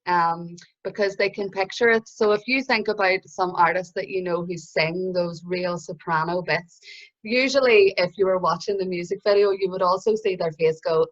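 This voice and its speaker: A woman's voice: fairly low pitch, normal speed. A woman with an Irish accent hosting a singing workshop over a video call, chatting and explaining with everyday examples. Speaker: workshop host. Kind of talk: casual teaching chat. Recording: slightly dull call audio.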